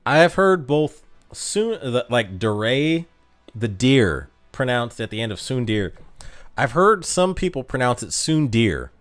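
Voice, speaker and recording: A man's voice: mid-range voice, a bit bright. An American man streaming a mobile game, reading chat aloud and joking about his own pronunciation. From United States. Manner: reads chat aloud, joking, playfully self-deprecating. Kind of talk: casual live-stream chat.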